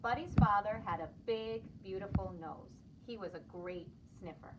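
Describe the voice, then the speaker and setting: A woman preschool teacher reading a picture book aloud to children, expressive and lively. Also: mid-range voice, normal speed, distant mic, heavy background noise.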